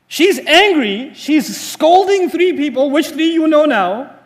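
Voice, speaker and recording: Male preacher, very high voice, lively storyteller, quizzes the audience. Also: a little slow. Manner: asks the audience rhetorical questions; animated storytelling. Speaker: Islamic teacher. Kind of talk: sermon-style lecture.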